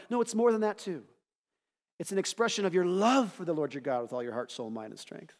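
A pastor from the United States delivers a sermon in a lively, conversational way, tossing in rhetorical asides. His voice sits a little high for a man. The sound carries a long reverb, as in a church hall. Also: a little fast.

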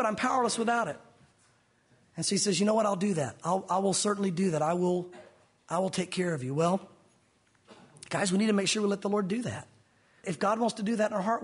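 A man preaching a sermon in an animated way, acting out biblical dialogue in different voices. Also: high-pitched, husky. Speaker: pastor.

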